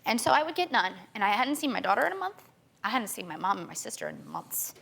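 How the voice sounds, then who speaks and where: A young woman appearing as a talk show guest speaks fast in a mid-range, fairly bright voice with creaky texture and big pitch swings. Her urgent, tearful personal account keeps stumbling and restarting.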